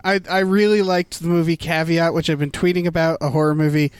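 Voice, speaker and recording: A man's voice: on the high side, steady tone, fast, smooth. A man co-hosting a podcast in loose casual chat, rambling with lots of fillers and swearing freely. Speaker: podcast co-host.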